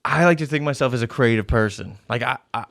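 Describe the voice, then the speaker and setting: A man's voice: medium pitch, fast talker, gravelly, a bit bright, no echo. A young man hosting a casual podcast chat, talking frankly and swearing often as he argues his points. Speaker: podcast host.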